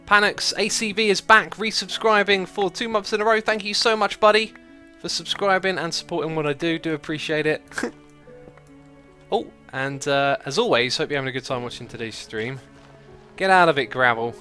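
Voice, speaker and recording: A man's voice: a little high, sharp tone. A man hosting a gaming livestream, chatting casually, laughing often and reading out donations and chat messages. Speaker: streamer host.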